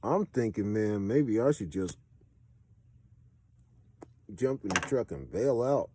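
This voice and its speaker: Low, mellow-voiced man with an LA accent. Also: slow pace, a little hiss or hum. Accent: Los Angeles. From Los Angeles. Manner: profane, streetwise, swings between animated and low. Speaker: storyteller giving advice. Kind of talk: casual storytelling monologue.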